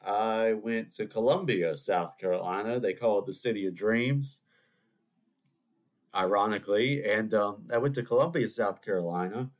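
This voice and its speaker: A man with a slightly low voice hosts a solo podcast, sniffling through a cold. He chats loosely with his listeners and wanders into digressions and jokey asides. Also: normal speed. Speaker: podcast host. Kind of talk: rambling solo podcast monologue.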